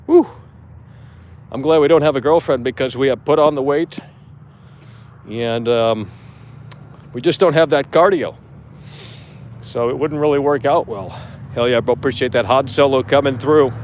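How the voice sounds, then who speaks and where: A man's voice: mid-range voice, normal speed, long pauses, a little mellow. A man hosting a live gaming show outdoors, talking bluntly and profanely in a casual rant.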